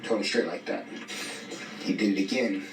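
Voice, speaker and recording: A man's voice: sits low, steady tone, moderate pace, vocal fry. A man telling a story in casual street slang, bluntly quoting himself and others as he goes. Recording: echoey, distant, faint music.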